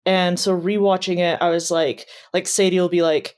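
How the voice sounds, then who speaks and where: A woman's voice: fairly low pitch, flat delivery, moderate pace, darkish tone. A woman co-hosting a podcast in casual chat, upbeat and playful. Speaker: podcast co-host.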